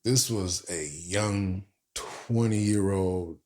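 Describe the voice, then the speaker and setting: A married man and podcast host, telling a story in a casual, animated way and acting out the dialogue. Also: sits low, extremely slow.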